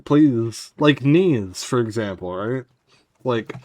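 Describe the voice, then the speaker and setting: Playing on stream, he keeps up a wry, rambling stream of casual gameplay talk aimed at his viewers. His fairly low voice is expressive but a little slow, with frequent pauses, captured in a dry recording.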